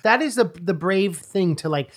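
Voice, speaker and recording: A man's voice: high voice, lively intonation, moderate pace. A man hosting a podcast, making short, encouraging remarks and asking brief questions. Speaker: podcast host. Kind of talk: casual interview chat.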